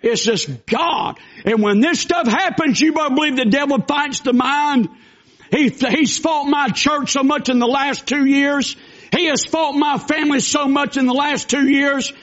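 A man preaching a fervent, folksy sermon as a pastor, with bursts of shouting. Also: very high-pitched, moderate pace. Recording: dull lo-fi recording.

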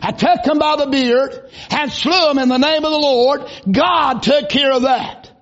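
A man's voice: very high-pitched, measured pace, a bit bright, muffled recording. A preacher voicing a bold young shepherd boy. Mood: earnest.

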